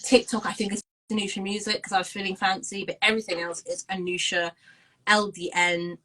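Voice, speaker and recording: Bright-voiced young London woman. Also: medium pitch, little pitch movement, a little fast, low-quality recording. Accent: London English. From London, England. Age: 20s. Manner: rambling, full of ums and restarts. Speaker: co-host, musician. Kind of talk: casual video-call chat.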